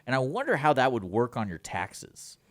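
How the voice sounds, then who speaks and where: A man co-hosting a radio talk show in casual chat, animated and acting out imagined exchanges. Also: medium pitch, normal speed, dry recording. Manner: animated, acts out imagined dialogue.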